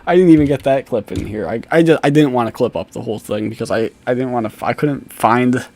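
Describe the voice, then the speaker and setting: A man's voice: medium pitch, quick pace, a little mellow. A man giving an angry, profane video commentary, mocking and laughing with scorn. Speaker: YouTube commentator.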